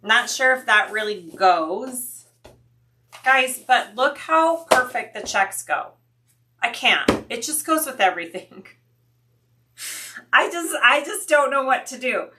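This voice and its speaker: A woman's voice: a little high, noisy background. A woman hosting a sewing livestream, chatting casually with viewers, thinking aloud and answering their comments.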